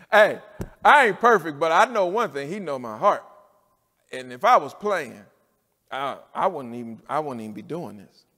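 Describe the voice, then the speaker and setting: A man's voice: sing-song, a little slow, long pauses. Preaching man in a reverberant church. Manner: preacher's cadence, swinging from low and quiet to shouting. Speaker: pastor. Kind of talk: sermon.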